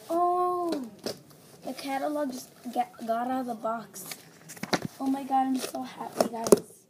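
High, gushing female vlogger, noisy home audio. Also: measured pace. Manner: gushing, gasping, breathless excitement. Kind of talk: excited doll unboxing vlog. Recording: home recording with background noise.

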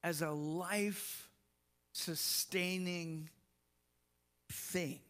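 Slow, bright-voiced man preaching. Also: a little high, fairly even intonation. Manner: slow and emphatic, with soft laughs and repeated words. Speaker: pastor. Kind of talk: sermon.

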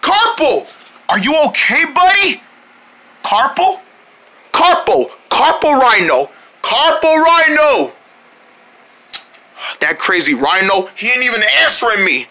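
A man's voice: high voice, sing-song, fairly quick, few pauses, sharp tone, heavily acted. A man voicing a jittery young male cartoon character who claims he is brave but is easily spooked. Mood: worried, calling. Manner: insists he is brave, nervous and rambling. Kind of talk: homemade cartoon voice acting.

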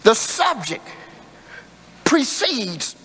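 A man preaching in a church, his bright voice swinging widely in pitch as he works the congregation. He takes his time, then rises into emphatic shouted lines. The sound rings with the long reverb of a large church hall. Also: sing-song, drawn-out words, breathy edge. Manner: call-and-response preaching, building to emphatic shouts. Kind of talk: sermon. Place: church sanctuary.

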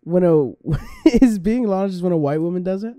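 Giggly high-voiced man hosting a comedy podcast. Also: a little fast, dark tone, clear, resonant tone, dry recording, studio quality. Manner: giggly, stammering, asks lots of questions. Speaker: podcast co-host. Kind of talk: casual comedy chat.

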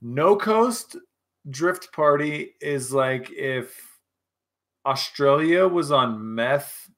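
A man's voice: a little high, expressive, extremely slow, a bit bright. A man hosting a casual live chat with viewers, rowdy, joking and profane, a little tipsy. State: tipsy from scotch. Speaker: livestream host.

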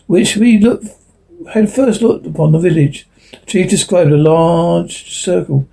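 Husky male narrator reading a story. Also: fairly high pitch, warm tone, low-quality recording. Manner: unpolished reading with slips and restarts. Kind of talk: reading a science fiction story aloud.

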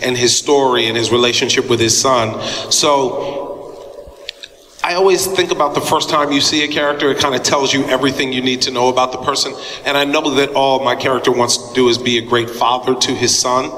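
A man's voice: mid-range voice, steady tone, brisk, bright, forceful tone. A middle-aged man, an actor being interviewed, telling stories in a chatty way and laughing often. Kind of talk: animated anecdote telling. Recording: echoey hall with faint noise.

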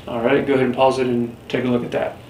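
A man teaches a Spanish class in a recorded lecture, his medium-pitched voice level, quick, and darkish. The mic is distant, so the sound is roomy with faint background hiss, as he patiently explains step by step and asks the class questions.

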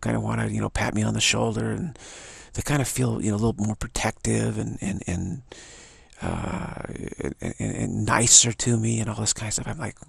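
Older male vlogger, rasping and gravelly, stammering musings, dry close recording. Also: on the low side, steady tone, normal speed, dry recording. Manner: musing, stammering repeats, tag questions. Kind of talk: rambling spoken monologue.

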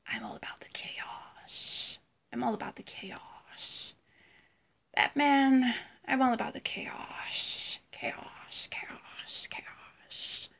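A chaotic, grinning male villain, put on by a woman hisses his lines in a hoarse, breathy whisper. The words come slow and drawn out. Under the whisper sits a bright, tense tone. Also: sits high, heavily acted. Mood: menacing whisper.

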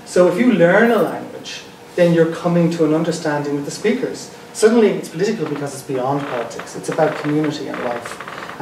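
A man with a South County Dublin accent gives a relaxed public lecture, wandering from point to point and often restarting his sentences. His voice sits a little high for a man. He is picked up from some distance in a reverberant room with a faint hiss underneath. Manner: conversational, digressive, restarts phrases. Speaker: guest lecturer. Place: lecture room in an archive building. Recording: roomy, distant mic, faint background noise.

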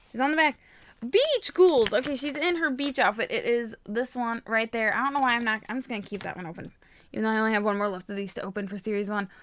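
A young woman chatting casually while unboxing toys, gushing and gasping with excitement. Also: on the high side, fast talker. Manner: gushing, excitable, frequent gasps. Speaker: toy vlogger.

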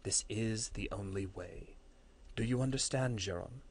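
A man voicing a grave, imposing male warrior lord in a story reading, speaking low, solemn and measured. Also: lightly acted.

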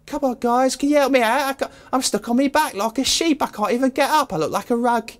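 A man's voice: very high voice, quick pace, pitched above the performer's own voice. A comedian voicing a flustered mother polar bear with a weary, long-suffering politeness in an improvised comic wildlife voice-over. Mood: pleading.

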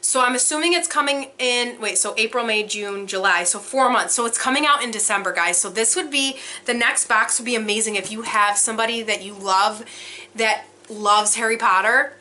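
A young woman excitedly unboxing a subscription box for her vlog, gushing and exclaiming as she goes. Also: fairly high pitch, normal speed. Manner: gushing, breathless, frequent exclamations.

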